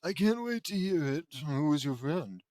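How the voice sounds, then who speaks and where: A man's voice: a little high, very animated, moderate pace, mellow, dry recording, clean studio sound. A man reading the lines of a courteous older male butler in an amateur fan fiction audiobook. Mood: polite. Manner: courteous, formal.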